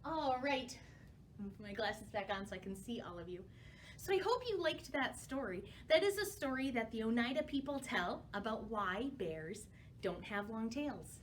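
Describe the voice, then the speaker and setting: A woman, a children's librarian, leading a storytime for young children with bright, encouraging talk. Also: on the high side, expressive, normal speed, reverberant, far from the mic, slight background noise.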